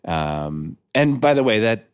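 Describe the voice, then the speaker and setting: Guy cohost on a podcast, low voice, dry close sound, teasing chatty storyteller. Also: sing-song, slow, clear, resonant tone, dry recording. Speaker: podcast co-host. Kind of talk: casual chat.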